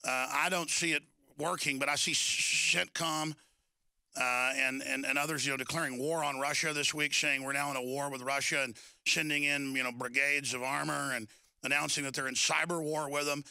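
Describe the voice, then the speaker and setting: A man's voice: a little high, level tone, normal speed, vocal fry, bright, forceful tone, smooth, no echo. A man hosting a talk radio interview, intense and agitated, rambling with restarts. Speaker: radio host.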